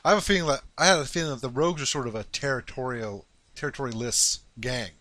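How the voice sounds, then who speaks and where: A man's voice: medium pitch, fast, pushed and bright, no echo. A man hosting a casual film podcast, thinking aloud in long, winding explanations. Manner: musing, thinks aloud at length. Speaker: podcast host.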